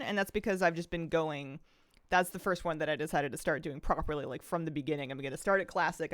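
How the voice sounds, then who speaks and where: A woman's voice: deep voice, no room sound, clean studio sound. A woman from the Pacific Northwest streaming a game, chatting casually and rambling, with a slight lisp and frequent sighs. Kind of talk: casual chat while gaming.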